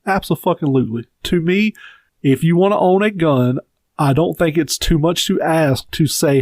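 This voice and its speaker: A man's voice: fairly high pitch, moderate pace, a little mellow, no echo. A man with a Southern US accent co-hosting a podcast, giving blunt, profane opinions in casual chat. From Southern United States. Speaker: podcast co-host.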